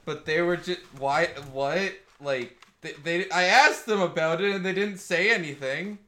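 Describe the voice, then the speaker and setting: A man's voice: high-pitched, fairly bright tone. A man playing a tabletop role-playing game, talking casually and hesitantly, often correcting himself. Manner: hesitant, rambling, self-correcting. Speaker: player.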